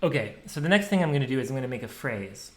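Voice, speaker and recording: A man's voice: mid-range voice, rapid-fire. Man casually explaining his drum program. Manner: relaxed, thinking aloud, scats drum rhythms. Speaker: programmer demonstrating his software. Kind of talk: casual screen-share tutorial.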